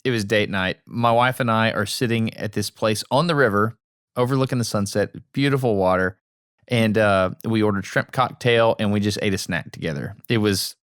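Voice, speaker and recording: A man co-hosting a podcast in casual chat, telling stories with animated delivery and acting out lines he overheard. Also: lowish voice, moderate pace, clear, resonant tone, dry recording, clean studio sound. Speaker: podcast co-host.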